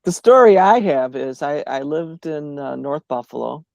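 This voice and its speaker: A man's voice: a little high, animated, normal speed, creaky, a little mellow. An older man co-hosting a casual chat, answering with short reactions and dry jokes. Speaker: co-host.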